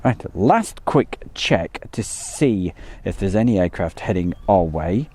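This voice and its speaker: A man hosting a live stream, chatting casually and greeting viewers by name, with lots of ums and pauses. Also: sits low, sing-song, darkish tone, husky.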